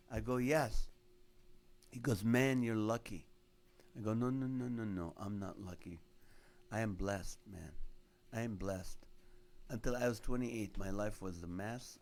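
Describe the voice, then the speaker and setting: A middle-aged man with a lowish voice tells a personal story in a comic but earnest way. He acts out the other people's lines as he goes, like a comedian who also preaches. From Middle Eastern background. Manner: animated storyteller acting out dialogue. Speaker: comedian and show host. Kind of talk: storytelling with a faith message.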